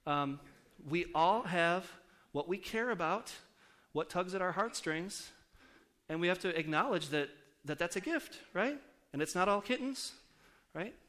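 A man's voice: sits high, expressive, measured pace, sharp tone. A pastor preaching a casual, story-driven sermon to his congregation, often asking the audience questions. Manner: conversational, asks the audience questions.

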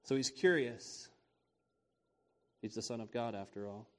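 A man's voice: mid-range voice, a little slow. A man preaching a sermon on scripture in a casual, conversational way, repeating key phrases and often asking "right?".

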